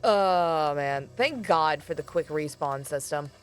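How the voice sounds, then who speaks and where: A woman's voice: low-pitched, animated, slow, clear, resonant tone, soft background music. A woman streaming a game, talking casually with sarcastic, self-mocking commentary and frequent swearing.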